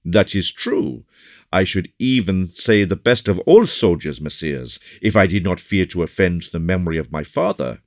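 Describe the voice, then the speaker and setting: A man's voice: sits low, lively intonation, moderate pace, a little mellow, dry recording, studio quality. A man voicing a polite, gallant young male officer, reading in an eager, courteous manner.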